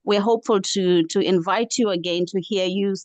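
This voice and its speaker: A woman's voice: medium pitch, fairly even intonation, moderate pace, a little mellow, dry recording. An older woman at an online book club, effusive and thankful, repeating her thanks.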